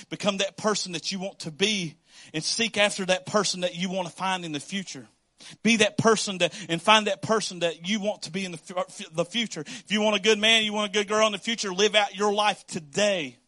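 A man preaching a sermon as pastor, emphatic and animated, acting out the voices he quotes and swinging from loud to hushed. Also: sits high, fairly quick, dry recording.

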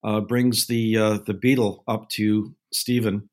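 An older man, a guest film advisor, telling anecdotes in a measured way with frequent filler pauses. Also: on the low side, level tone, a little mellow. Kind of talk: casual storytelling interview.

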